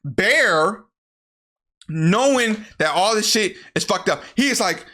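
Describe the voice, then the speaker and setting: A man telling a movie recap straight off the top of his head, tired after work, rambling and swearing, often doubling back to fix the order. His voice is bright and a touch high for a man. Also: animated, takes it slowly. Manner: rambling, profane, self-correcting. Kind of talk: casual storytelling recap.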